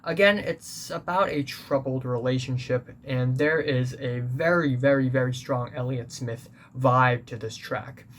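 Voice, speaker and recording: A man reviewing a music album in a casual, earnest way, pausing often with fillers and restarts. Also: mid-range voice, a little hiss or hum.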